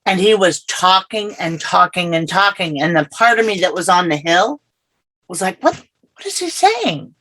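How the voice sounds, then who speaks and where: A middle-aged woman telling her personal story as an interview guest, earnest and halting, often repeating herself. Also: on the low side, fairly bright tone, low-quality recording.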